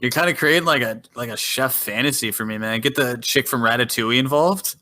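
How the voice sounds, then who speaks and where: A man's voice: medium pitch, pushed and bright, a little hiss or hum. A man co-hosting a podcast in casual chat, joking, teasing and swearing freely. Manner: joking, profane, quick to tease. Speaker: podcast co-host.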